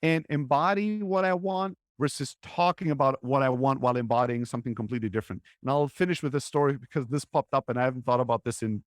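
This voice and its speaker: A man's voice: medium pitch, steady tone, fast, hardly any pauses, dry recording, studio quality. A man hosting his own podcast, telling a personal story in an earnest, reflective way and often checking in with "right?". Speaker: podcast host.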